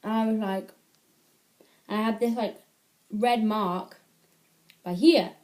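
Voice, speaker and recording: A woman's voice: medium pitch, steady tone, slow pace, darkish tone. A teenage girl from the UK chatting casually into an iPad camera at home, rambling and correcting herself as she gives advice. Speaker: vlogger.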